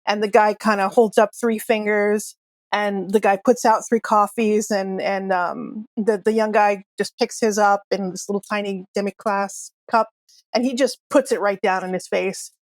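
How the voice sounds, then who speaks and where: A woman's voice: medium pitch, fairly even intonation, moderate pace, no echo. A woman narrating as game master of a tabletop game, chatty with frequent laughs and fillers.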